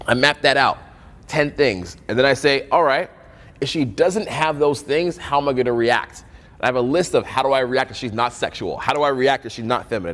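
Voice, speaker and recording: A man's voice: mid-range voice, big-room sound. A young man coaching on dating in a casual, profane storytelling style, acting out both sides of conversations.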